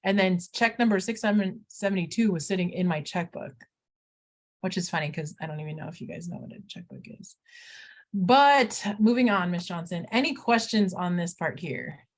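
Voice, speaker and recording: A woman's voice: on the low side, expressive, moderate pace. A middle-aged woman teaching math in a recorded lesson, talking students through each step with playful asides.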